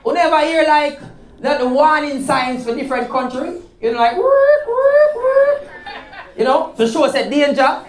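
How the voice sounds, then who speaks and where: A woman's voice: sits high, a little fast, reverberant. A woman from Jamaica doing playful comic storytelling with noisy sound effects. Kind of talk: comedic storytelling.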